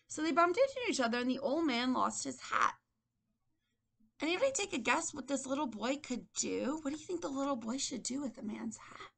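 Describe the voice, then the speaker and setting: A woman's voice: high voice, expressive, a little fast, vocal fry, a bit bright. A woman teaching a circle-time lesson to young children, prompting them in a patient, sing-song way, recorded on a laptop microphone indoors. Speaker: preschool teacher. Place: indoor room with a table.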